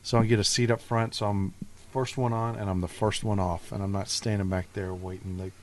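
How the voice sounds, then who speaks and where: A man's voice: fairly low pitch, flat delivery, fairly quick, darkish tone, a little hiss or hum. A man chatting as a guest in a casual podcast conversation, matter-of-fact. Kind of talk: casual chat.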